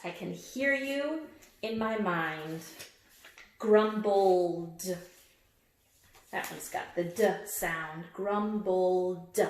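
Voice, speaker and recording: A woman teacher reads a picture book aloud slowly and deliberately. She repeats each word with emphasis and quizzes her listeners on how it ends. Her voice has a middling pitch, and a roomy echo surrounds it. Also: a little hiss or hum. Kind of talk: read-aloud phonics lesson.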